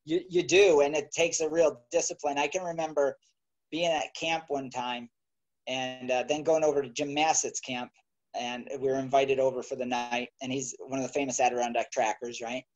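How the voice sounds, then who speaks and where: A man from New York, a guest author, telling stories casually with an animated, chuckling manner. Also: medium pitch, moderate pace, rough recording. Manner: animated anecdote teller, chuckling. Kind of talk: casual storytelling.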